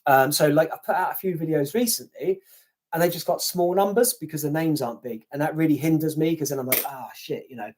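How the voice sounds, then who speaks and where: This grave-visiting YouTuber from the UK talks fast in a slightly high, a little mellow voice. He's live-streaming from home, reading out viewer comments, poking fun at himself and swearing casually as he chats.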